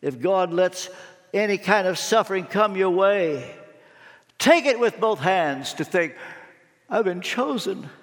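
A man preaching a sermon, telling stories expressively and dropping suddenly to quiet tones. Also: sits high, animated, measured pace. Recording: long hall reverb.

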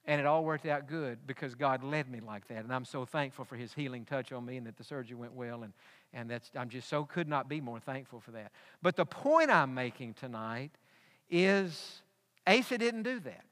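Bright-voiced preacher in a hall. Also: male voice, mid-range voice, lively intonation, moderate pace. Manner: storytelling preacher, rising to emphatic peaks. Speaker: pastor. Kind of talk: sermon.

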